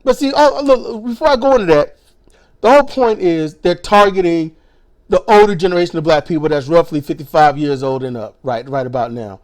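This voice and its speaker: Hoarse, profane ranting man in his forties. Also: a little high, brisk. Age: 40s. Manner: profane, sarcastic, mocking voices. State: voice strained, hoarse. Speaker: political commentary vlogger. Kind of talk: ranting monologue.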